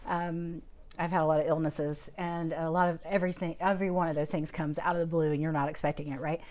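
A woman's voice: sits low, fast talker. A middle-aged woman giving a testimony into a handheld microphone, telling her story with laughter and acting out the voices of the people in it, then leading a prayer. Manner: lively, laughing, acts out quoted voices. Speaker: guest speaker giving a testimony.

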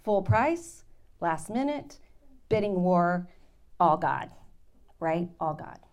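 Animated woman telling a testimony. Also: fairly low pitch, takes it slowly. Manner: animated, dramatic retelling with laughs. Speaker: Bible teacher. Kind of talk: sermon storytelling.

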